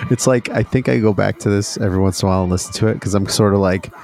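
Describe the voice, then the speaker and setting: Deep gravelly man chatting casually. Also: rapid-fire, darkish tone, faint music behind. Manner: enthusiastic, loose, swears casually. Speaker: podcast co-host. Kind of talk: casual chat about music.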